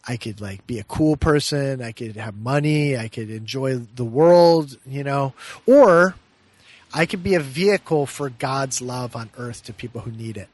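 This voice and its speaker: A middle-aged man, a meditation teacher, telling a personal story in an earnest, reflective way and often laughing softly mid-sentence. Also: medium pitch, animated, moderate pace, no echo. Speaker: meditation teacher and podcast guest. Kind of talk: heartfelt personal storytelling in conversation.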